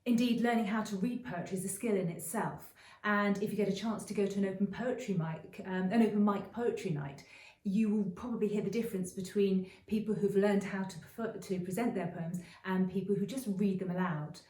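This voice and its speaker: A middle-aged woman teaching creative writing in a chatty, explanatory video lesson, often pausing with ums and restarting phrases. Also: medium pitch, dark tone, distant mic. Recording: roomy echo, voice a bit off-mic.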